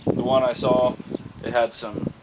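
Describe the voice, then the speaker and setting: A man's voice: mid-range voice, level tone, unhurried, heavy background noise. A man casually showing off a homemade target stand, rambling with many fillers and restarts. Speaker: hobbyist vlogger showing a homemade build. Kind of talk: casual outdoor show-and-tell.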